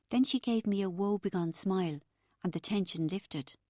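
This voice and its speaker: A woman narrating a first-person audiobook in a measured, intimate storytelling manner on a close mic. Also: medium pitch, warm tone, no room sound.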